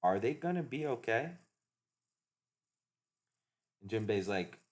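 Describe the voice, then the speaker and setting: A man's voice: on the low side, animated, fairly quick, hardly any pauses, darkish tone. A man casually reading through and recapping a comic chapter, with a laid-back, filler-heavy way of talking.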